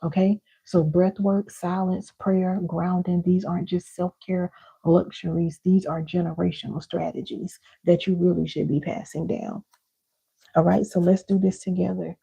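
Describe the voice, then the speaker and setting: Woman teacher, deep and dark, husky, emphatic and direct with her audience; dull lo-fi recording. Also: flat delivery, moderate pace. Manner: emphatic, repeats key lines, calls listeners baby and y'all. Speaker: parenting and healing teacher.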